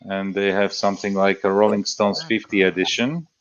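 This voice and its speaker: A man's voice: low voice, flat delivery, a bit bright, lo-fi sound. A man hosting a casual livestream chat, rambling and reading out product details. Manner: slow, rambling, reads out labels. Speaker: stream host.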